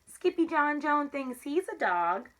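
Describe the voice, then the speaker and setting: A woman's voice: sits high, sing-song, a little slow, fairly bright tone, voice pushed up, exaggerated voice. Storybook kitten sister, teasing, woman reading. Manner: teasing, tattling. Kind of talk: storybook read-aloud.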